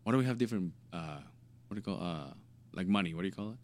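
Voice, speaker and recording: A man's voice: sits low, expressive, rapid-fire. A man co-hosting a podcast in a laid-back, joking manner, often trailing off mid-sentence. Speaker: podcast co-host. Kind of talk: casual chat.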